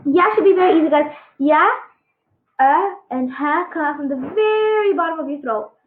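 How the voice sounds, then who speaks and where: High-voiced woman teaching letter sounds. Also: slight background noise. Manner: halting, filler-heavy, encouraging. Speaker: Arabic alphabet teacher. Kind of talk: casual online pronunciation lesson. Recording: echoey, tinny phone-like sound.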